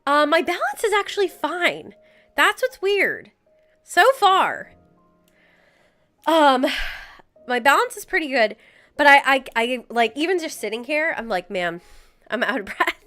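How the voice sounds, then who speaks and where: A woman's voice: high-pitched, big pitch swings, measured pace, pauses often, sharp tone, soft background music. A young woman hosting a livestream, chatting casually and giggling as she greets viewers by name. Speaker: livestream host. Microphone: desk mic with headphones.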